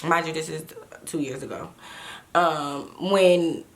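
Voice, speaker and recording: A young woman talks her viewers through a story in a relaxed, chatty way, with a voice sitting a little low for a woman. She repeats herself and stops to read old text messages aloud. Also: slow. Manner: chatty, repeats words, reads texts aloud. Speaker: vlogger telling a story. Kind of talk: casual storytime chat.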